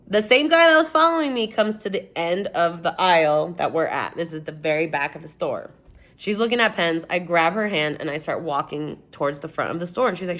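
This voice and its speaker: A woman's voice: fairly low pitch, expressive, fairly quick, a bit bright. A young woman vlogger telling a personal story in a rambling, casual way, swearing often and saying "like" a lot.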